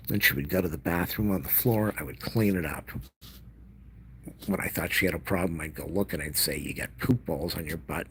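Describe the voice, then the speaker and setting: A grieving man telling a personal story in a vlog, emotional and halting, at times dropping into a whisper. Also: very deep voice, fairly bright tone, slight background noise. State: grieving, on the edge of tears.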